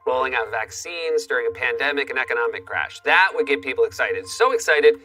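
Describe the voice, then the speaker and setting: A man's voice: medium pitch, lively intonation, fairly quick, pushed and bright, recorded from a distance, low-quality recording. A man hosting a late-night show, delivering a sarcastic comedy monologue with punchy jokes.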